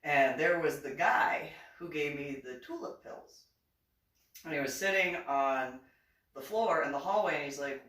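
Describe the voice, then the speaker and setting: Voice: medium pitch, a little slow, pushed and bright, far from the mic. A military veteran telling a personal story in a casual monologue, acting out the dialogue and laughing between lines. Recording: echoey room, voice set back from the mic.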